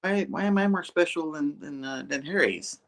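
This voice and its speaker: A man's voice: on the high side, moderate pace, fairly bright tone, voice pushed up. A man putting on the voice of an eager young male superhero, raised and questioning, while recapping a story. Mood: curious.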